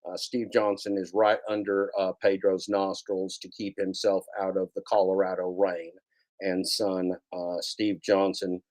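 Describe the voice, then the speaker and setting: Male YouTuber, lowish voice, sarcastic, rambling, doubles back on his own lines while sharing his screen. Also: flat delivery, unhurried, a little mellow. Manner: sarcastic, repeats phrases, mock-scolding asides. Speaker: YouTube broadcaster. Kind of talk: rambling screen-share commentary.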